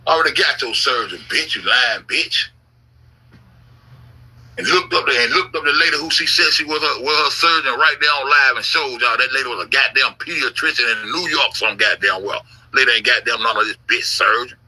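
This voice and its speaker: A man telling a long, rambling story in a casual stream, full of cursing and repetition, mixing low grumbles with loud outbursts. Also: fairly quick, few pauses, husky, low-quality recording. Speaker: YouTube commentator.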